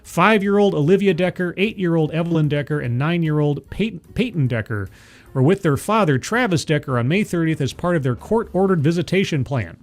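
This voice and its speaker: A man's voice: on the high side, expressive, fairly quick. A man hosting a political commentary livestream, sardonic and rambling, full of fillers and restarts, who reads viewer chat aloud. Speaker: livestream host.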